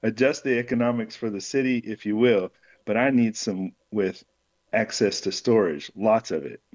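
A man's voice: on the low side, normal speed, darkish tone, natural voice. A man reading the lines of a scheming male ghost companion who haggles sweetly and persuasively. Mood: wheedling.

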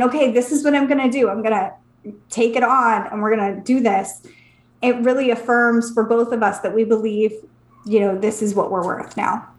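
Emotional woman in an echoey room. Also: on the high side. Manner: emotional, near tears, many "like" fillers. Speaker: podcast co-host, psychic. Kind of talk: casual podcast chat.

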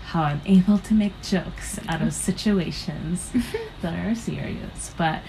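A young adult American woman with a notably low voice speaks a little slowly over a faint hiss. Appearing as a comedian guest in a casual interview, she rambles through her stories with plenty of fillers, acting out her own reactions along the way.

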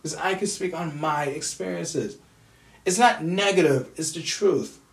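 A man's voice: fairly high pitch, measured pace, creaky, far from the mic. A man venting to the camera in a frustrated, swearing rant, often repeating himself. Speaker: vlogger. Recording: roomy echo, away from the mic.

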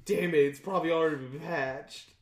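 A man's voice: on the high side, fairly even intonation, brisk. A man in casual chat with friends, wry and given to mock-dramatic exclamations. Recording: echoey room.

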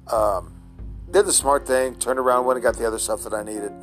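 A man talking casually on his own, meandering from point to point with lots of restarts and pauses to search for words. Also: medium pitch, fairly even intonation, faint music behind. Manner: meandering, chatty, frequent uh fillers and restarts. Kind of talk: casual rambling monologue.

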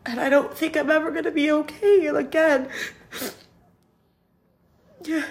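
A tearful woman speaking in a halting, grieving personal monologue, sighing often and letting sentences trail off. Her voice sits high and has a gravelly, crackling fry running through it. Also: steady tone. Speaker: podcast host.

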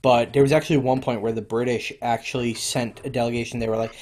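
A man talks history on a podcast in an easygoing, rambling way. His voice sits at a middle pitch, and he fills his sentences with ums and false starts as he thinks aloud. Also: little pitch movement, quick pace, hardly any pauses, a little mellow. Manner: rambling, lots of fillers and restarts. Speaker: podcast co-host. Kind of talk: casual history chat.

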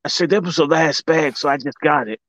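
A man from Washington, D.C., telling a comic story in casual talk, profane and animated, laughing often and acting out what people said. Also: a little high, a little fast, no room sound, lo-fi sound. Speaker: commentator.

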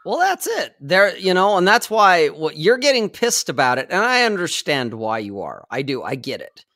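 A man's voice: sits high, huge pitch swings, normal speed, bright, forceful tone, dry recording, studio quality. A man in his forties chatting casually, blunt and profane, hammering his points home. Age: 40s. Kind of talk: casual chat.

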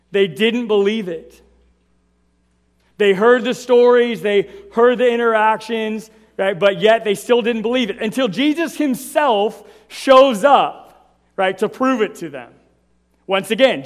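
High-voiced male pastor in a reverberant hall. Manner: conversational preaching, tags lines with "right?". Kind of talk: sermon.

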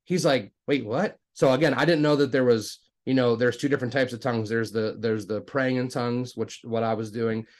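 Animated man telling a story. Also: fairly quick, few pauses. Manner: animated, acts out dialogue with raised pitch; self-described jokester, talkative with many restarts. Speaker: guest telling his faith story. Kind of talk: casual storytelling.

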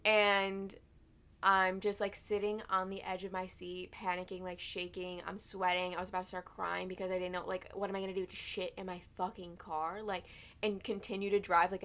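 Profane, animated young woman telling a story. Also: mid-range voice, a little fast. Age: 20s. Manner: animated, profane, loose storytelling with many fillers. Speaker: vlogger. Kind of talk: casual storytime vlog.

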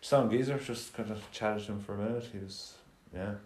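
A man's voice: on the low side, steady tone, a little fast, darkish tone. An Irish man chatting on a podcast in an easygoing, laid-back way. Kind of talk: casual chat. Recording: echoey room.

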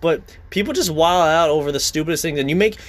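A man's voice: on the high side, quick pace. A young man talking casually, blunt and profane, in a heated rant.

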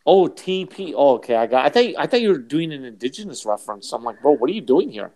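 A man with a somewhat high voice co-hosting a casual podcast. He needles his partner with sarcastic, teasing interjections and playful fact checks. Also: big pitch swings, quick pace, warm tone. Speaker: podcast co-host.

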